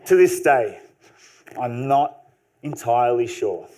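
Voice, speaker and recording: A man telling an unscripted story on stage, humorous and animated. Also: medium pitch, slow. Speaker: speaker. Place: live stage talk.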